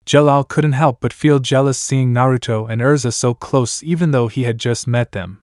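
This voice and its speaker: A man reading a fan story aloud in steady narration. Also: mid-range voice, normal speed, no room sound, clean studio sound. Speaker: fanfiction reader.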